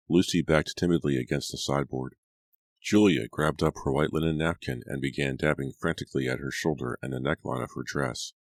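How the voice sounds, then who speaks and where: A man narrating an audiobook in a steady, even storytelling manner. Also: extremely low pitch, fairly quick, no echo. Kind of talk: scripted narration.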